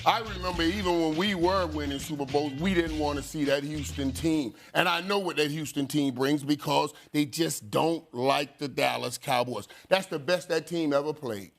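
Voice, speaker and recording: Excitable high-voiced male sports analyst. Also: moderate pace, gravelly, few pauses, faint music behind. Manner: excitable, stammers with repeated "and". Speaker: sports analyst, former player. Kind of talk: heated sports debate.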